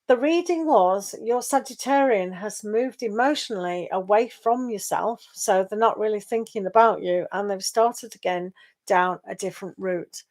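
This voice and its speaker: A woman's voice: mid-range voice, normal speed, a little mellow, low-quality recording. A woman doing a live tarot reading, chatting and reassuring viewers by name and laughing often. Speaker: tarot reader.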